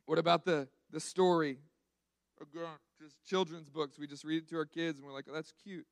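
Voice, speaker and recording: A man's voice: fairly high pitch, steady tone, a little fast, gravelly, no echo. A man preaching a sermon in a conversational, emphatic way, often restarting and repeating words.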